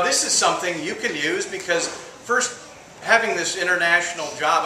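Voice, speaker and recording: Man, contest speaker, lively and jokey, bright slightly high voice; distant room mic, faint hiss. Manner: lively, jokey, leads audience in call-and-response. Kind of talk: contest speech with impressions. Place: meeting room with audience. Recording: echoey room from far off.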